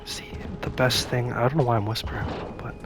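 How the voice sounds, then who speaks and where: Here the YouTuber talks fast at medium pitch with fairly even intonation, against background noise. He chats casually over his own gameplay, muttering to himself and suddenly yelping when scared.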